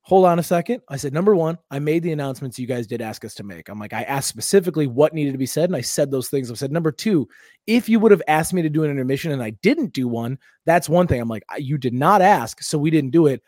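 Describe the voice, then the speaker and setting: A man's voice: on the high side, fast talker, dry recording, studio quality. A man, a comedian co-hosting a podcast, telling a story in casual chat, acting out the other people and swearing freely. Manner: animated, acts out quotes, swears freely.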